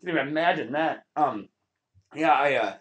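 A man with a slightly high, fairly bright voice talks at a normal pace, with a faint hiss or hum in the background. He's hosting a casual podcast from a basement studio, rambling along with plenty of fillers and restarts.

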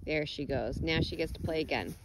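A woman's voice: low voice, fairly quick, noisy background. A woman dog trainer coaching outdoors on a lawn, giving direct, encouraging instructions and explaining her methods.

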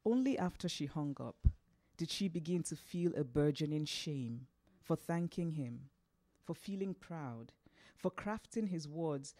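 Novelist reading her fiction aloud. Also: deep voice. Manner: unhurried, expressive, laughs at slips.

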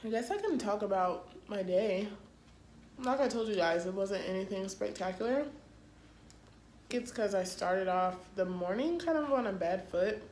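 A young woman talking to her camera in a casual vlog, chatty and self-deprecating, with drawn-out excited exclamations. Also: medium pitch. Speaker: vlogger. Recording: echoey room with faint background noise.

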